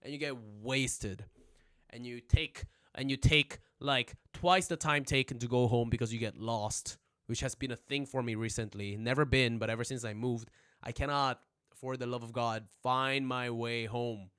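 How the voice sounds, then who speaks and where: A man's voice: mid-range voice, fairly even intonation, moderate pace, fairly bright tone, clean tone. A young man teaching casually on a livestream, joking, rambling and swearing, with constant "right?" check-ins, recorded on a phone at home. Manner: joking, rambling, profane, says "right?" a lot.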